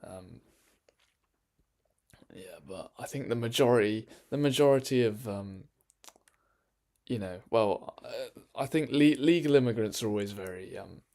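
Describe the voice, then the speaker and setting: A man chatting casually on a livestream, rambling and hesitant with many fillers, sometimes dropping into hushed, half-whispered asides. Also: mid-range voice, measured pace, long pauses. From England. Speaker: streamer.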